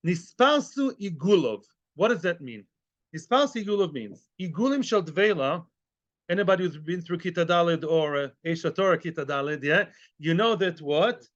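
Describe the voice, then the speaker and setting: High-voiced man teaching Talmud. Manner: lively, conversational, often checks with "yeah?"; mixes in Hebrew and Yiddish terms. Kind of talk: daily Talmud class. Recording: dull lo-fi recording.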